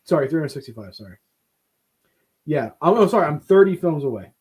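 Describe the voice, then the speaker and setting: A man's voice: a little high, a little fast, slightly rough. A man co-hosting a casual film chat, joking and swearing freely. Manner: animated, profane, joking. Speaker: podcast co-host.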